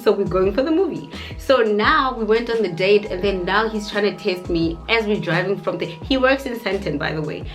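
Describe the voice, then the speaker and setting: A young South African woman with a South African accent, telling a story in an animated, chatty way. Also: medium pitch. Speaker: YouTuber. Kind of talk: casual storytime. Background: faint background music.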